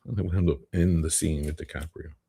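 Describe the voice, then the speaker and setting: A man hosting a casual live stream, talking in a very low, gravelly voice and reading out viewer comments as he chats. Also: fairly even intonation, fairly quick, warm tone. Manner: chatty, reads viewer comments aloud.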